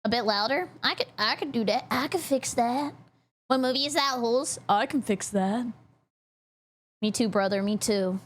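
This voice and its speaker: A woman streamer chatting casually on a live stream, excitable and giggly, squealing greetings to her chat. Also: on the high side, moderate pace, a little hiss or hum.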